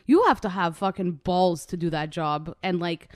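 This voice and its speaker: A woman's voice: on the low side, lively intonation, moderate pace, dry recording. Young woman chatting on a podcast, rambly, dry close sound. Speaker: podcast co-host. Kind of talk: casual podcast chat.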